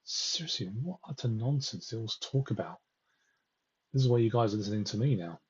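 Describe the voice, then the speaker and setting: A man with a fairly low, husky voice rants through election results on a live stream. He talks straight to his viewers, exasperated and scornful. The sound is dull and lo-fi. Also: expressive, a little fast, dark tone. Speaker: political livestream host.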